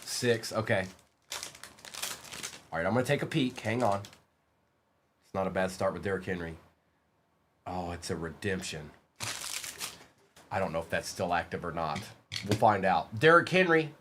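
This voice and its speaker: A young man on a live stream, chatting casually and calling out player names as he opens card packs, getting excited along the way. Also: low voice, a little slow, long pauses, noisy background.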